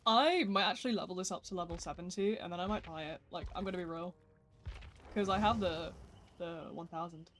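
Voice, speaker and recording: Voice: medium pitch, a little fast, a bit bright. A game streamer, giving rambling, self-deprecating live commentary while playing and talking to the chat. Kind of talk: casual live gameplay commentary.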